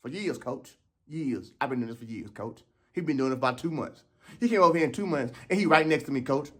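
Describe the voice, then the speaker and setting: A man's voice: fairly high pitch, lively intonation, very fast, fairly bright tone, voice pushed down. Man playing a whiny sprinter griping at his coach. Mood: indignant. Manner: indignant, repetitive complaining.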